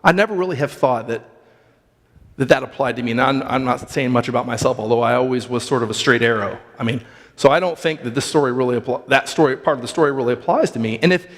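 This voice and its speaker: A man's voice: medium pitch, quick pace, fairly bright tone, big-room sound. A man preaching a sermon, earnest and questioning, often restarting his phrases as he reads and reflects on a Bible story. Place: church sanctuary.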